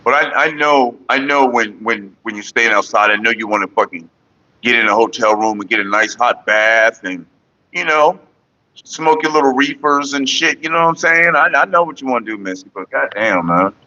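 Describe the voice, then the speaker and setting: A man with a mid-range voice talks at a moderate pace on a muffled recording. He's a vlogger on a morning livestream, rambling casually and profanely to his viewers and his partner, sometimes breaking into loud, off-key singing.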